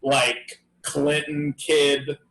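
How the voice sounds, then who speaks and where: A man's voice: fairly high pitch, little pitch movement, very slow, creaky, a bit bright, roomy sound, low-quality recording. A young man co-hosting a casual comedy podcast chat, laughing often and swearing casually. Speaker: podcast co-host.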